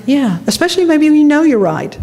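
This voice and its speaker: A woman's voice: high-pitched, fast talker. Woman preacher telling a story. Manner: animated personal storytelling, laughing at herself. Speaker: minister. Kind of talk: sermon storytelling.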